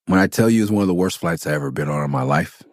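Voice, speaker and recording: Low-voiced profane storyteller, a man. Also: very fast, dry recording, clean studio sound. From Los Angeles. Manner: profane, animated anecdote-telling. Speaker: podcast host. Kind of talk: casual storytelling.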